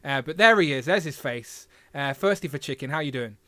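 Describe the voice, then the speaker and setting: A chatty man hosts a casual livestream, his voice a touch higher than most. He sounds close to the mic in a dry, dead room, reading comments aloud and humming between thoughts. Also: lively intonation, brisk, fairly bright tone, no echo. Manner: chatty, reads chat aloud, filler hums. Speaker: livestream host.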